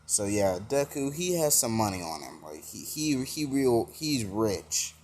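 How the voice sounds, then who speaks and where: A man's voice: lowish voice, big pitch swings, unhurried, a little mellow, slight background noise. A man casually retelling a fan-made story, rambling with many fillers and self-corrections.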